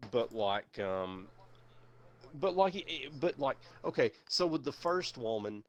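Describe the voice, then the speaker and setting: A young man chatting on a stream, winding through a long story with constant fillers and swearing. His voice sits at an ordinary middle pitch, and he backtracks and restarts often. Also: very animated, measured pace. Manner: rambling, profane, many fillers. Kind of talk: casual chat.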